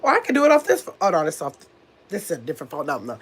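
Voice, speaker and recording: A woman's voice: deep voice, huge pitch swings, very fast, breathy edge. Chatty woman host reading the live chat. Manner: chatty, distracted, talks to the chat as "y'all". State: recovering from illness. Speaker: livestream host.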